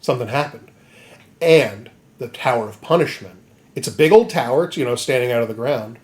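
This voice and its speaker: A man's voice: mid-range voice, brisk. A man hosting a comedy podcast, recapping a story in a rambling, profane way and acting out the characters. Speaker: podcast host.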